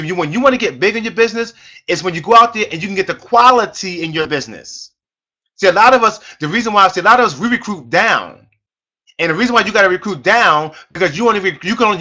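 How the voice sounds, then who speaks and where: A man's voice: high voice, expressive, fast talker, bright, forceful tone. A middle-aged man, a network marketing team leader, giving an emphatic, repetitive motivational sales training on a conference call and calling his listeners "folks".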